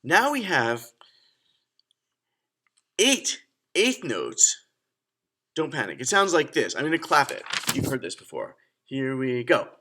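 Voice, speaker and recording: A man's voice: mid-range voice, sing-song, slow, pauses often, pushed and bright. A young man teaching a children's music lesson, counting and chanting rhythms aloud in an upbeat way.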